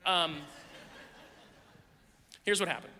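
High, bright-voiced man preaching in a hall. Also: slow. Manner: candid, self-deprecating, lively anecdotes. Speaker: pastor. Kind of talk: conversational sermon storytelling. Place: church sanctuary. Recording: long reverb of a large hall.

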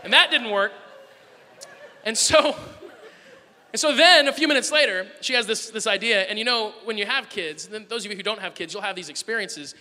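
High, bright-voiced male preacher. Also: a little fast, long reverb tail. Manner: animated, swings from loud bursts to soft asides. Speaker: pastor. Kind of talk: sermon with personal storytelling.

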